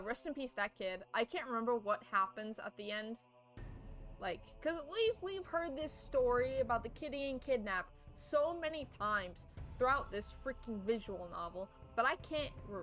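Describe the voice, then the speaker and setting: A woman's voice: a little high, bright, forceful tone. Playful young woman streamer. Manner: playful, giggly, chatty with viewers. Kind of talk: reading a visual novel aloud on stream.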